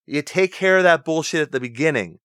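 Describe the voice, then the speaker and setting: A man's voice: a little high, expressive, fairly quick, a bit bright, smooth, no echo, clean studio sound. A man in casual podcast chat, blunt and profane, ranting with strong opinions. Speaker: podcast co-host.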